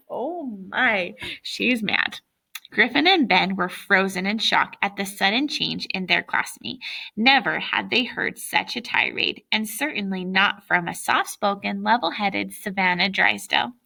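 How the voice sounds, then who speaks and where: A woman reading a children's novel aloud who pauses to react with amused comments. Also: mid-range voice, vocal fry, sharp tone. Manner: breaks off to laugh and react. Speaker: reader.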